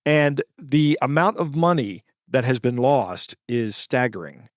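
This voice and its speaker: A man's voice: medium pitch, animated, dry recording. Dry-miked man co-hosting a podcast. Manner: halting, with frequent fillers and self-corrections. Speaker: podcast co-host. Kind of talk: casual podcast chat reading news stories.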